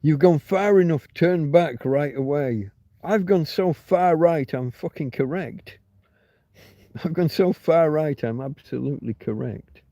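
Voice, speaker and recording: Man, livestream host, rambling, swears a lot, warm mellow tone, dry sound. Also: a little high, measured pace, no room sound. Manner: rambling, swears freely, answers chat comments. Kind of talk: casual livestream chat.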